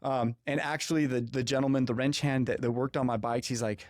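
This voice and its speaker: A man hosting a podcast, telling a personal story in an animated way and acting out the dialogue. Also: mid-range voice, a little fast, hardly any pauses, no echo. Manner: animated, acts out quoted dialogue. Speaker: podcast host. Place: podcast studio.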